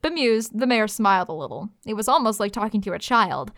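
A woman narrating a fantasy story in a lively, expressive reading. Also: mid-range voice, brisk, no echo, studio quality.

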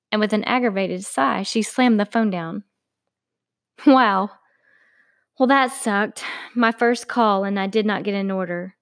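A woman's voice: medium pitch, unhurried, pauses often. A woman, author and narrator reading her own story in a friendly, chatty way.

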